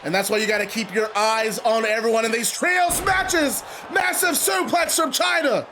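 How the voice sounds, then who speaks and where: A man giving excited, casual play-by-play commentary on a wrestling video game he is playing, shouting at the big moments. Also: extremely high pitch, normal speed, noisy background. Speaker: gamer commentating his own matches.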